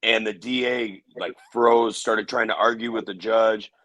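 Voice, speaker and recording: A man telling a personal story in an interview, halting with restarts and fillers. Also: lowish voice, fairly even intonation, fairly bright tone, no room sound, poor audio. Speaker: interview guest.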